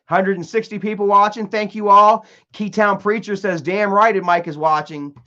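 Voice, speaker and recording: Reading viewers' comments aloud, this young man rambles through a relaxed live stream, tripping over words, repeating himself and starting sentences over. His fairly high voice is bright and forceful with a steady tone at normal speed, heard through dull, lo-fi sound.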